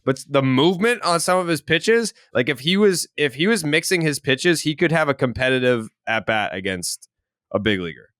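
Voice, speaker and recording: A man from Massachusetts hosts a casual sports podcast. His pitch swings widely as he teases his co-hosts and breaks into easy laughter. The sound is close and dry, with no room in it. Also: animated, moderate pace, a bit bright, no room sound. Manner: teasing, laughs easily. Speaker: podcast host.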